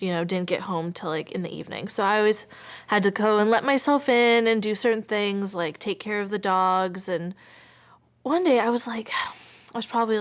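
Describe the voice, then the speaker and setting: A woman in her twenties telling a personal story in an interview, chatty and full of filler words, sometimes dropping almost to a whisper. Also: mid-range voice. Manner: chatty, frequent filler "like", drops to near whisper.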